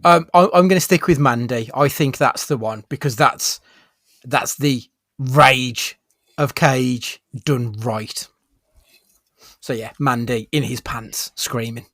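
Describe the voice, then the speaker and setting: A man's voice: medium pitch, slow pace, fairly bright tone, no echo. A man with a mid-range voice chats on a casual podcast as a co-host. He talks with enthusiasm and often trips into restarts. The recording is dry and close. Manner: chatty and enthusiastic, with frequent restarts.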